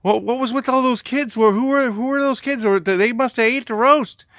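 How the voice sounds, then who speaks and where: A man voicing a sheepish, hungry painter playing innocent, in a whiny, pleading squeak. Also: a little fast, fairly bright tone, dry recording, studio quality. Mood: feigned innocence.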